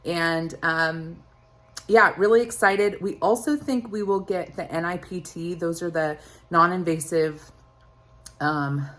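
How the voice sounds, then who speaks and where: A woman's voice: lowish voice, takes it slowly, a bit bright. A young woman vlogging in a candid, chatty way, talking straight to her viewers and rambling a little with fillers. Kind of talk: casual chat.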